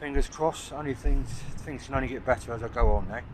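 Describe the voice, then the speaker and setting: On a seaside cliff at sunset, a sixty-ish landscape photography vlogger talks informally to the camera as he shoots. He speaks fairly quickly at a medium pitch, meandering through his thoughts with frequent "uh"s and pauses. Outdoor sounds come through clearly behind him.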